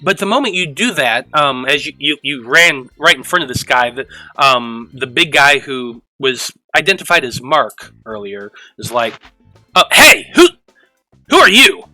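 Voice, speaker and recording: A man narrating as game master of a tabletop role-playing game, rambling with halting restarts. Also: medium pitch, lively intonation, bright, forceful tone, no room sound, faint music behind, poor audio.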